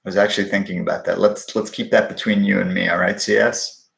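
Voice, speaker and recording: Guy on a livestream chatting casually, gravelly lowish voice, kinda echoey room, swears a lot and cracks jokes. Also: fairly even intonation, fast, a bit bright. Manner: blunt and profane, wisecracking, hums to himself. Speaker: livestream host answering viewer questions on stocks. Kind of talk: casual live-stream chat.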